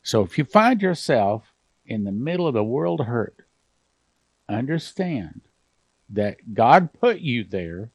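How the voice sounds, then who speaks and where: A man's voice: mid-range voice, very animated, slow, breathy edge, no echo. A man pastor preaching fervently, at times emotional, on a broadcast program.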